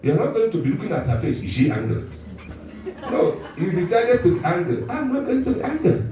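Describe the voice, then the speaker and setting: A man preaching with a lively, swooping delivery that often breaks into chuckles. His voice sits a bit high for a man. It rings through a very echoey church hall, picked up from a distance. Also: brisk, slight background noise. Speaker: pastor. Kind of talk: sermon.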